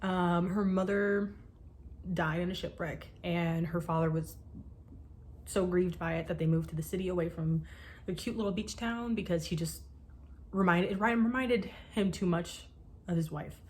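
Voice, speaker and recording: A young woman talking casually to camera about books she loves, gushing and animated, with the odd swear word. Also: on the low side, normal speed. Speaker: book vlogger. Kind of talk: casual chat.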